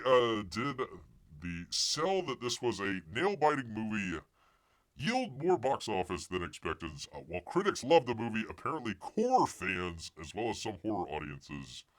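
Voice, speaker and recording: A man with a lowish, somewhat bright voice hosts a casual live stream, reacting to the news. He rambles and jokes, wondering aloud and mocking what he hears.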